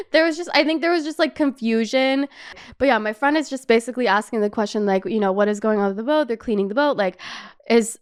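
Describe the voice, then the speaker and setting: A young woman in her twenties hosting a casual chat show, telling a travel story in an animated, swear-filled way with lots of "like". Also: a little high, smooth. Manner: animated, swears a lot, says "like" constantly. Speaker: podcast host.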